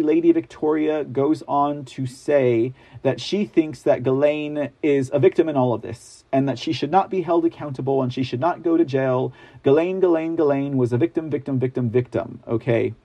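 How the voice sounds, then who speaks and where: A man's voice: on the high side, gravelly, warm tone, husky. Chatty man hosting a commentary show. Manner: chatty, many fillers, addresses viewers as guys; sarcastic asides when reading articles. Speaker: news commentary host. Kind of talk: casual political commentary show.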